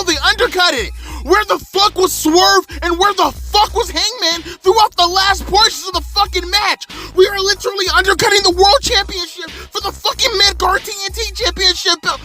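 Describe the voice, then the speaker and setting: A man's voice: extremely high pitch, bright, forceful tone. A man in his thirties reviewing a wrestling show in an angry, profane rant from inside his car, repeating himself and swearing constantly. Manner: exasperated, repetitive, swearing constantly.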